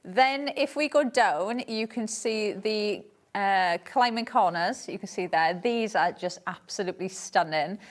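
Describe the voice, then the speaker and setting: A woman's voice: medium pitch, a little slow. A woman from Wales demonstrating a craft collection on a live shopping show, enthusiastic and explanatory. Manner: enthusiastic, explaining product details. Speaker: craft product guest presenter.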